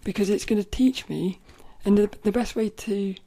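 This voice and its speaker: A woman's voice: mid-range voice, fairly even intonation. A woman hosting a casual solo podcast, chatting playfully with many restarts and sometimes reading aloud from a children's book. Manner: chatty and playful, with frequent self-corrections; reads quoted passages louder and slower. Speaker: podcast host.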